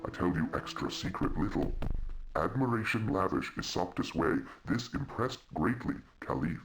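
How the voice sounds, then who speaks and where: An actor playing a foreign traveler envoy who speaks formally with odd, inverted grammar, in a video game. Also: male voice, sits low, expressive, normal speed. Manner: formal, inverted word order. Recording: game audio over music.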